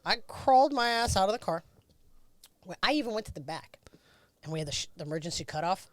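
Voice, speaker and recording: A woman's voice: medium pitch, expressive, quick pace, no echo. A middle-aged woman, a former race car driver, bluntly recounting a crash in a candid interview, swearing freely.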